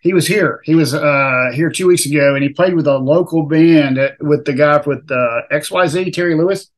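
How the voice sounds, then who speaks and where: A man with a slightly high voice hosts a casual conversation. He talks in an easygoing, agreeable way as he tells a story. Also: moderate pace. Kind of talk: casual chat.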